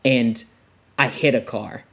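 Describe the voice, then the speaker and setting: A man's voice: mid-range voice, fairly even intonation, slow, gravelly. A young man, a podcast guest, telling a long story in a rambling way, full of fillers and laughs. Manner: rambling, lots of "like" fillers, laughs between lines. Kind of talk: casual storytelling.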